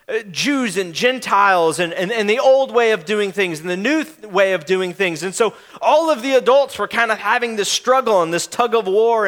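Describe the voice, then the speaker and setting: A man's voice: high-pitched, a bit bright. A young man preaching a sermon in an earnest, conversational way, often restarting his sentences. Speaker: pastor.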